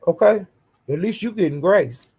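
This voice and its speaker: A woman's voice: fairly low pitch, animated, moderate pace, dark tone, slightly rough. An older woman streaming to her channel, ranting in a profane, confrontational, defiant way. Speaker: YouTube streamer. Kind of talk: livestream rant.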